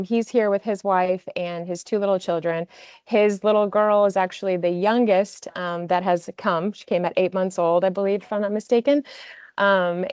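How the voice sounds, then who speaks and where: A woman's voice: mid-range voice, smooth, dry recording, muffled recording. A woman announcing award winners on a video call, speaking with emotion and lots of "um" between her words. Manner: emotional, filler-heavy, warm praise with frequent "um". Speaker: award presenter.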